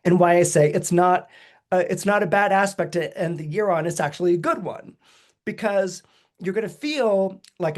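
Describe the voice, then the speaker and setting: At an ordinary pace, a podcast host animatedly breaks down astrology. Frequent chuckles punctuate his talk, and quoted voices get big, theatrical pitch shifts.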